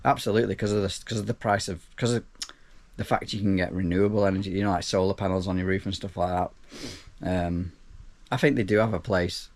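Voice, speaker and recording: A man with a fairly low voice talks through viewer questions in an easygoing vlog. He rambles a little, restarts sentences and drops in dry, offhand remarks. The delivery stays relaxed and unpolished. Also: a little fast, no echo. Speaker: self-employed plumber and YouTuber. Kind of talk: casual Q&A vlog.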